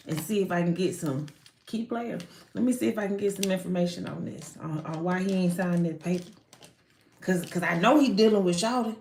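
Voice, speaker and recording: A woman's voice: on the low side, close to an everyday voice. A sly, two-faced male friend, put on by a woman, fishing for gossip in slangy street talk full of stammered restarts. It is heard in an echoey room with a faint hiss behind it.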